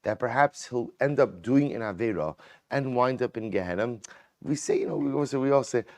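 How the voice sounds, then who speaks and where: A man, a rabbi, giving a Torah lecture in an animated way, often repeating words as he explains texts. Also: mid-range voice, a little fast, dry recording. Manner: animated, repeats words, mixes Hebrew and English. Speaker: rabbi teaching Talmud.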